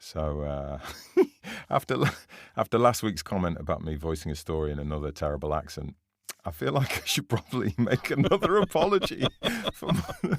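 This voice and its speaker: A British man co-hosting a podcast in easy, self-deprecating chat. His voice sits low but swings around animatedly. The close mic gives it a dry, intimate sound. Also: no room sound. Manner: chatty, laughs easily, self-deprecating. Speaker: podcast co-host. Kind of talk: casual chat.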